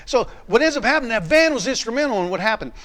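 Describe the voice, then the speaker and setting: A man's voice: very high voice, lively intonation, rapid-fire, sharp tone. A man preaching a sermon, telling a personal story in a candid, conversational way. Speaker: pastor.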